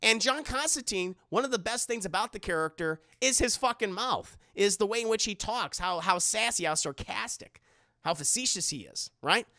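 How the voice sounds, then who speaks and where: Animated, bright-voiced male streamer. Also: sits high, normal speed, no room sound, clean studio sound. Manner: animated, rambling, stumbles and repeats words. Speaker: streamer reacting to news and reading live chat. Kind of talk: casual live-stream commentary.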